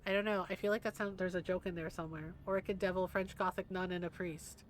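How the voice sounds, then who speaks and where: A woman's voice: lowish voice, steady tone, quick pace, a little hiss or hum. A young adult woman streaming a video game, chatting casually, teasing and laughing often. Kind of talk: casual gameplay commentary.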